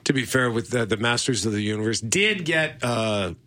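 A man's voice: medium pitch, lively intonation, normal speed, bright, forceful tone. A middle-aged man co-hosting a casual movie podcast, chatty and rambling, laughing often. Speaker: podcast co-host. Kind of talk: casual chat about movies.

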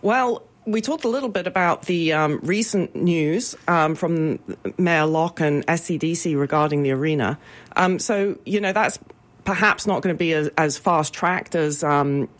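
A woman's voice: low voice, a little slow. A woman talking as a guest about her business association's events, upbeat and full of ums. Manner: chatty, many ums, upbeat promotional. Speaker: business improvement association representative. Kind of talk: radio interview guest.

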